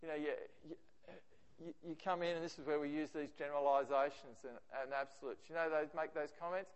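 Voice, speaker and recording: A man with an Australian accent giving a lively, conversational presentation to teachers. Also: a little high, a little fast, clean tone, highs cut off. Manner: animated, acts out quoted remarks. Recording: reverberant hall.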